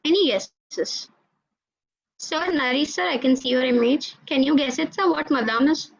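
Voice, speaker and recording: Animated high-voiced woman on a call. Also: moderate pace, vocal fry. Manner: animated storytelling, addresses audience directly. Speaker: alumni guest speaker. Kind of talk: online talk to students. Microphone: video call. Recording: dull lo-fi video call audio.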